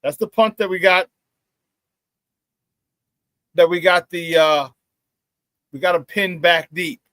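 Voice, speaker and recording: A man hosting a casual sports talk show, telling stories excitedly with many restarts and repeated words. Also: high-pitched, takes it slowly, no room sound.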